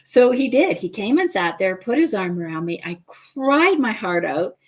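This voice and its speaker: A woman's voice: mid-range voice, very animated, normal speed. A middle-aged woman, a guest family coach, talking in a casual talk-show chat and telling a personal story earnestly and with feeling.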